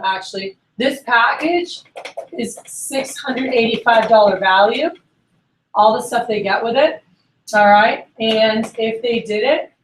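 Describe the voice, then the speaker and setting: A middle-aged woman sales manager giving an energetic sales training workshop and acting out phone conversations. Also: on the high side, slight background noise, low-quality recording. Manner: energetic, acts out phone dialogues.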